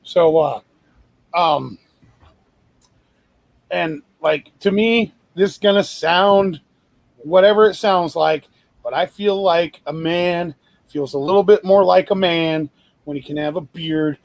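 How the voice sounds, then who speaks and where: A man's voice: a little high, slow, gravelly, pauses often, no echo. A man chatting casually as a podcast host, rambling with many fillers and restarts and swearing freely. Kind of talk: casual chat.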